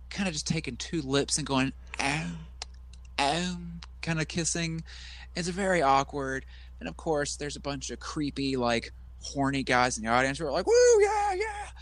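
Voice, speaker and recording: A man co-hosts a casual wrestling podcast, recapping a show and imitating its people with silly voices. His mid-range voice is steady and fairly bright, at a moderate pace.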